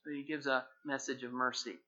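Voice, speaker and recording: A man preaching a sermon, reading scripture aloud with emphasis and retelling the story in lively paraphrase. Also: medium pitch, fairly quick. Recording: dull lo-fi recording.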